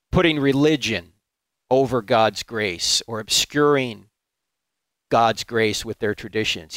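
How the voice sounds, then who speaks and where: A man giving a preaching talk, emphatic and rhetorical, sometimes jumping into high mocking voices. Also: a bit bright, dry recording. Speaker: apologetics speaker.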